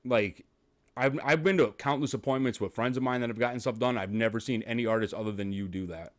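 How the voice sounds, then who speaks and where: Male host, casual storyteller, average pitch, quick to laugh, a bit profane. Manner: chatty storyteller, laughs a lot, swears casually. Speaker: podcast host. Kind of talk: casual chat.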